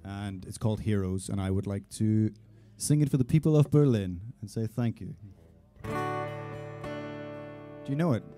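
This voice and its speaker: A man's voice: fairly low pitch, moderate pace, long pauses, warm tone, no echo. A man with a Belfast accent chatting playfully to a crowd between songs at a live music venue, speaking into a stage mic. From Northern Ireland. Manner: playful, self-mocking. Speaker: band singer. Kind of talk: onstage banter between songs. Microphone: stage vocal mic.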